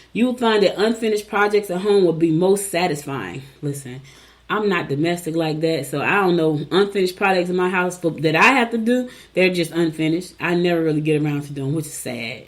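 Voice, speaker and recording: Chatty low-voiced woman host. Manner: chatty, folksy asides, repeats advice. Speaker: show host reading horoscopes. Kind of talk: casual chat, reading and riffing.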